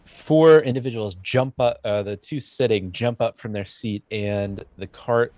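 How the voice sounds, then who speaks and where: A man narrating as game master, speaking in a relaxed way with fillers. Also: on the low side, measured pace, dry recording.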